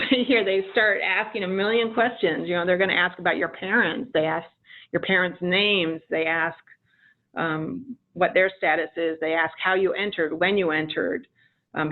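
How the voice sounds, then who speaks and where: A woman giving a measured, explanatory webinar presentation on legal matters, with frequent ums. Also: lowish voice. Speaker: immigration attorney presenter. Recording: tinny phone-line audio.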